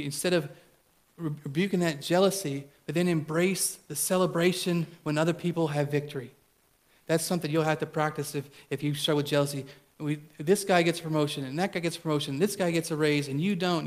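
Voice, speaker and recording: A middle-aged man preaching a sermon as pastor, blunt and conversational, telling stories with emphatic repetition. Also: fairly high pitch.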